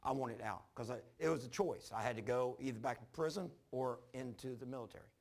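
An older man preaching a sermon, telling his own story in a folksy, repetitive way with sudden loud bursts. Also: medium pitch, brisk. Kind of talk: sermon with personal testimony.

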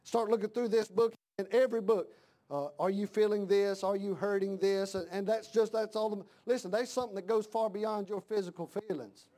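High-voiced preaching man, fiery sermon. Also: steady tone, fairly quick. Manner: preaching with rising shouted emphasis and repeated lines. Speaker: pastor. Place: church.

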